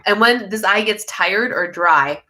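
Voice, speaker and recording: A woman's voice: mid-range voice, a little slow, pushed and bright. A young woman, chatting casually on a home livestream, rambling and laughing mid-sentence as she reads comments. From United States. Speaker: livestream host reading viewer comments. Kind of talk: casual live chat.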